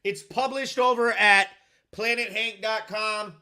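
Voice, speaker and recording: Hyped, foul-mouthed high-voiced man. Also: steady tone, unhurried, bright, forceful tone. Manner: profane, hyped, rambling. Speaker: podcast host; video editor. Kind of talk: live-stream commentary.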